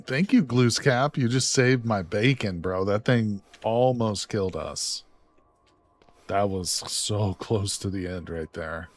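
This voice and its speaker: A man streaming a survival game live, reacting excitedly with swearing and laughter as he plays. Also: lowish voice, takes it slowly. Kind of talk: live gameplay commentary.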